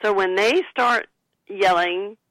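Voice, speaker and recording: A woman guest on a radio talk show, speaking in an earnest, gentle and instructive way as she gives spiritual advice. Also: medium pitch, slow, no echo, low-quality recording. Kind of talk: radio interview, advice-giving.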